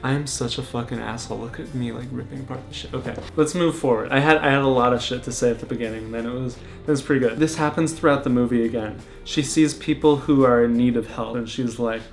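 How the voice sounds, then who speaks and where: A man's voice: medium pitch, fast, vocal fry, few pauses, faint music behind. A young man reviewing a movie in a casual vlog rant, sarcastic and exasperated, breaking into mock character voices. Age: young adult.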